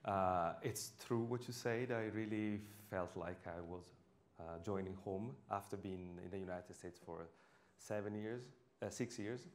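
A man with an Italian accent giving a public lecture on stage, halting and full of fillers and restarts. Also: lowish voice. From Italy. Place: lecture hall. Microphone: stage microphone.

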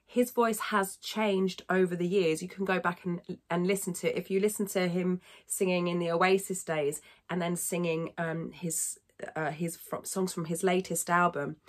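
A woman teaching singing in a casual video lesson, chatting to viewers with quick self-deprecating asides. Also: on the low side. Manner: chatty, warm-hearted asides, thanks viewers.

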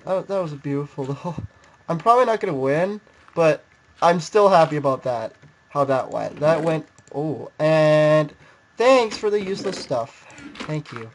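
A young man giving casual, rambling gameplay commentary, poking fun at himself and getting excited. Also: a little high, unhurried, slight background noise. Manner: rambling, self-mocking, excitable. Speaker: gaming video creator.

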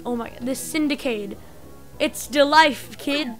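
A loyal young mob henchman, voiced by a woman, full of street slang and clipped words. His voice stays high for a man, with light game music behind. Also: slow, fairly bright tone.

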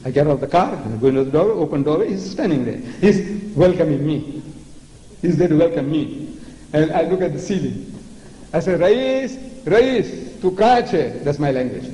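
A man's voice: fairly high pitch, lively intonation, a little fast, mellow. An older man from South Africa with a South African accent, giving a theatrical, mocking public lecture on religion and repeating words for effect. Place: large lecture hall. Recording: echoey hall with long reverb, faint noise.

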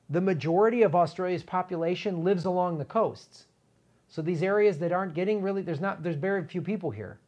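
A middle-aged man hosting a political commentary show, talking in an animated, indignant way with emphatic repetitions. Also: high voice, husky, muffled recording.

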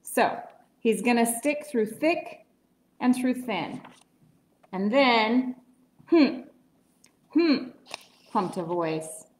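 A woman reading a picture book aloud at story time in a library, playful and animated. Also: on the high side, slow pace, pauses often. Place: library room. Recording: echoey library room.

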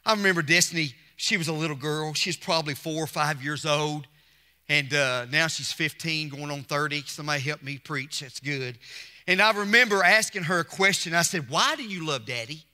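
A middle-aged pastor preaches a Mother's Day sermon from the pulpit, using emphatic repetition and calling out to the congregation. His voice is a little high and sharp in tone at a moderate pace, with long reverb filling the church sanctuary.

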